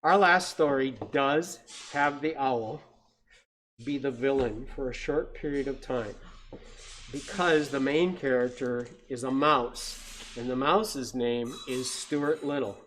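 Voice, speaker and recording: A man who works as an educator at a science center, reading picture books aloud to children in an animated storytelling manner and imitating bird sounds. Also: mid-range voice, slow pace.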